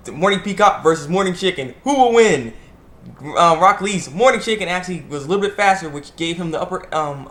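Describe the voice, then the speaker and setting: Excitable man with a slightly high voice. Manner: rambling and excitable, laughs often. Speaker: anime reviewer. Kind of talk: casual video review.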